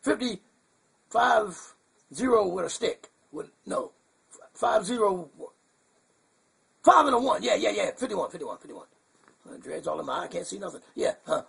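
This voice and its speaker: A man's voice: high-pitched, very animated, normal speed, gravelly, long pauses, a bit bright, slightly rough, heavily acted. A man voicing a goofy, confused male bird puppet who rambles in a muddled, chuckling way on a puppet comedy show. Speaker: hand puppet co-host.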